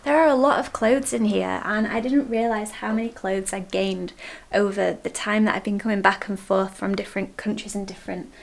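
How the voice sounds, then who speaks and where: A young woman vlogging from her bedroom at home, chatting candidly to camera and laughing softly between thoughts. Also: medium pitch, fairly even intonation, brisk, vocal fry. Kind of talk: casual chat to camera.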